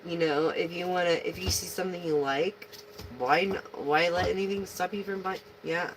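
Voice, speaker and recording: A woman's voice: lowish voice, steady tone, normal speed, slight background noise, low-quality recording. A woman giving a casual live tarot reading, slangy and profane, speaking to her viewers as a collective. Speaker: tarot reader.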